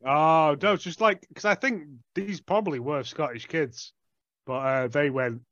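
A man's voice: fairly high pitch, unhurried, a bit bright, no echo. A man co-hosting a podcast in casual banter, laughing and swearing as he rambles. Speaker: podcast co-host. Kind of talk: casual chat. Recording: dull, dry lo-fi sound.

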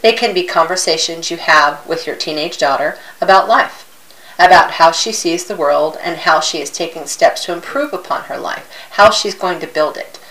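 A woman's voice: lowish voice, normal speed, fairly bright tone, rough recording. A middle-aged woman co-hosting a casual, upbeat talk show; chatty, laughing easily. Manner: chatty, laughs easily, acts out her own complaints. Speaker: co-host. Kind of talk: casual chat.

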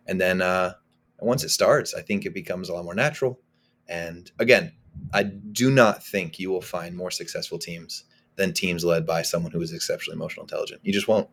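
A man's voice: low voice, a little fast, fairly bright tone. A man speaking as a guest on a podcast, talking casually and emphatically, often repeating words as he starts a thought. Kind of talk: casual conversational interview.

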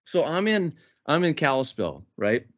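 A man co-hosting a podcast, telling a lively story in casual chat and acting out the people he quotes. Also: a little high, unhurried. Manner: animated storyteller, acts out quoted voices. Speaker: podcast co-host. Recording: dull lo-fi podcast audio.

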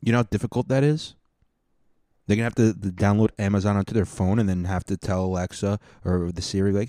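A man's voice: on the low side, steady tone, fast talker, warm tone, no echo, studio quality. A man hosting a casual monologue, rambling and swearing through mock rants. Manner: rambling, profane, mock-ranting.

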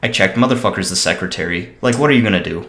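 A man's voice: low voice, racing, bright, forceful tone, slight background noise. Indignant, profane man in roomy room. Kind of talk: casual storytelling chat. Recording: roomy echo.

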